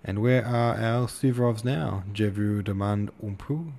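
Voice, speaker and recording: Sardonic male guest, voiced by a man, mocking, drawling, gravelly. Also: lowish voice, a little slow, warm tone, a little hiss or hum. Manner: mocking, slipping into French.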